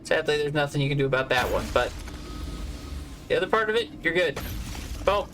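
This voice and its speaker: A man from Georgia with a Southern accent, rambling and joking with his viewers during a live game stream. His voice sits a little high for a man. A faint hiss of noise runs under it. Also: expressive, fairly quick, fairly bright tone, rough recording. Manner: jokey, rambling, chats with viewers. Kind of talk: casual live-stream chat.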